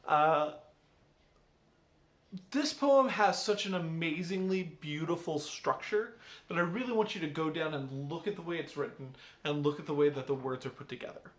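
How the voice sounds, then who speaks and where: A man's voice: fairly high pitch, normal speed. A male English teacher reading a poem aloud and explaining it to his class in a conversational way, often checking in with "right?". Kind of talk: recorded class lesson on a poem. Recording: roomy echo.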